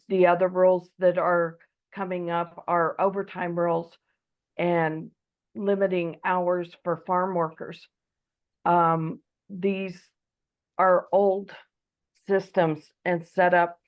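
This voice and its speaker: A woman from Eastern Oregon delivers an earnest debate speech over a muffled video call, peppered with ums. Her voice is low and gravelly, and she is losing it. She speaks in an even, flat tone.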